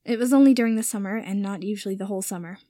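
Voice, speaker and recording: A woman voicing Harry, a guarded young man who speaks softly and stumbles over his words. The tone is plain and close to her own voice, in a dry, close recording. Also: medium pitch, very fast, no room sound, close to an everyday voice. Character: young man, guarded, quietly hurt, awkward.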